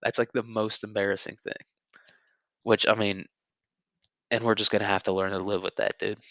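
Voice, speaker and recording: Twenties guy rambling on his own show, kinda low voice, crude jokes n lots of um and like, r's come out as w's sometimes, dry close sound. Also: flat delivery, normal speed, a bit bright, dry recording. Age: 20s. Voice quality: sometimes says R like W. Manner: crude, joking, rambling with frequent fillers and chuckles. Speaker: podcast host. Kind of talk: rambling casual monologue.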